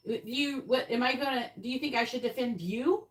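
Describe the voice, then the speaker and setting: A woman's voice: fairly high pitch, moderate pace, far from the mic. A woman hosting a tarot live stream, bluntly scolding a viewer in chat with plenty of swearing. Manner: exasperated, scolding, blunt and profane. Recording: roomy echo, off mic.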